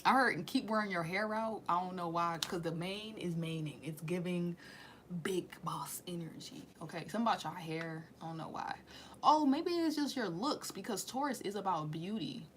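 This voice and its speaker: A woman's voice: on the low side, moderate pace, slight background noise. A woman doing a casual tarot reading in slangy, profane speech, with sudden drops into whispers. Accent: Southern US. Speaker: tarot reader.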